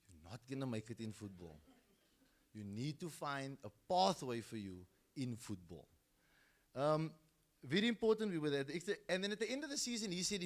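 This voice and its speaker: A middle-aged South African man tells stories in a speech at a school football launch, acting out the people he quotes. His voice sits a little high.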